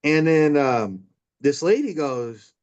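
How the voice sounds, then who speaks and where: A man telling lively stories as a guest in a casual conversation, acting out his own yelling. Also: a little high, takes it slowly, clear, resonant tone, lo-fi sound. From Illinois. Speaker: guest, former semi-pro football player.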